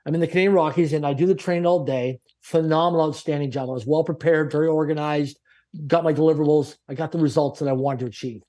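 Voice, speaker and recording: A man shares a personal story as a guest on a podcast. He speaks with animated emphasis, piling up short punchy phrases, and his voice sits a touch higher than most men's. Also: fast.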